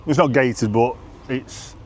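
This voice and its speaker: Halting man chatting on a walk. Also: mid-range voice, a little hiss or hum. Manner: halting, searches for place names, laughs easily. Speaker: guest on a live walk. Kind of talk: casual conversation.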